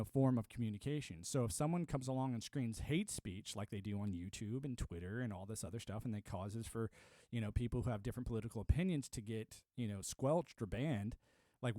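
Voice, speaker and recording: A man's voice: mid-range voice, mellow, dry recording, clean studio sound. A young adult man from the United States talking into a streaming mic, ranting emphatically with lots of fillers. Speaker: livestreamer. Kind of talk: live-stream monologue.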